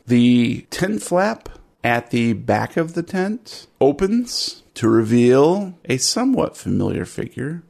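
A man running a tabletop horror game as game master, describing grim scenes in detail. His voice is gravelly and his delivery unhurried. He dwells on each image. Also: mid-range voice, big pitch swings, a little mellow. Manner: descriptive, deliberate.

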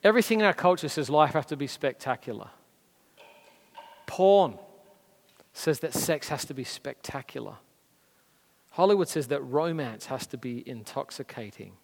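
An Australian man preaches in an earnest, conversational way, leaning hard into key words. His voice sits at a middling pitch. Long reverb from a large church auditorium trails after each phrase. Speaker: pastor. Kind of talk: sermon.

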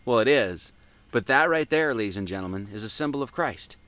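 A man's voice: medium pitch, animated, fairly quick, a bit bright, smooth, dry recording. Man teaching scripture in a dry room. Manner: conversational, asks and answers his own questions, reads scripture with rising emphasis. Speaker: teacher giving a Sunday Bible talk. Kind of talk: informal esoteric Bible teaching.

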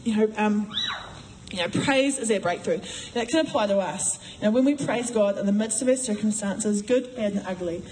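Woman preacher, warm dark voice, chatty and lively, roomy echo around her. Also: medium pitch, normal speed, slight background noise. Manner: chatty and animated, acts out voices in stories. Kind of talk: sermon. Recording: echoey room.

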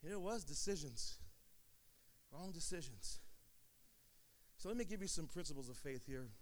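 A man preaching a sermon, telling a story in a calm low voice and then building up to sing-song shouted climaxes. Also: normal speed. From Sacramento area.

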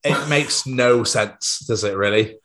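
A young man, co-hosting a podcast and telling rambling, animated stories full of swearing. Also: medium pitch, takes it slowly. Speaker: podcast co-host. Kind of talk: casual chat.

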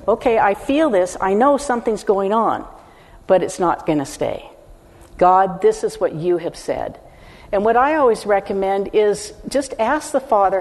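An older woman preaching in a teaching style, earnest and emphatic as she speaks straight to the congregation. Her voice sits at a middle pitch for a woman. It carries a long reverb from the hall she speaks in. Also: a little mellow. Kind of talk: teaching sermon.

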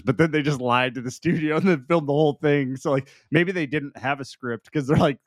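Giggly, relaxed podcast co-host. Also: mid-range voice, fairly quick, hardly any pauses, no room sound, studio quality. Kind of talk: casual movie chat.

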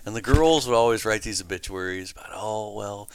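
A man's voice: fairly low pitch, fast talker, a little hiss or hum. A man telling a long story on a casual podcast, acting out the people he quotes. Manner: animated, laughing storyteller who acts out quotes. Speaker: podcast guest.

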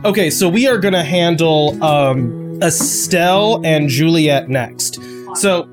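A man's voice: fairly high pitch, slow pace, over music. A man running a tabletop game as game master, narrating loosely with many likes and uhs, while sick.

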